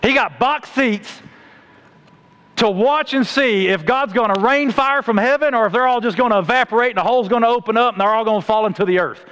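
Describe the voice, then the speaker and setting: A man preaching a sermon, telling the story with animated acted-out voices. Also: extremely high pitch, a little fast, clean tone. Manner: animated storytelling, acts out voices of God and Jonah.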